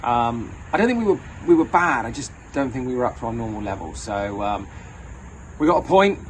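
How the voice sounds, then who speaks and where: A man's voice: medium pitch, very animated, a little fast, slight background noise, rough recording. A man giving a hesitant fan match review, full of fillers. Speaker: fan contributor.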